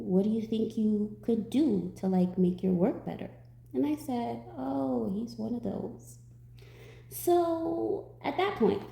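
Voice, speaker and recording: Gravelly-voiced woman telling a story. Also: fairly high pitch, echoey room. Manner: animated storytelling, acts out quotes. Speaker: tarot reader. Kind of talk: storytelling to viewers.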